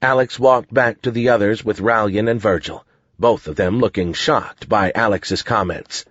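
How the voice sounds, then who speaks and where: A man narrating a fantasy audiobook in a measured, even manner. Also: lowish voice, husky, dry recording. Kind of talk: scripted narration. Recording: dull lo-fi dry studio audio.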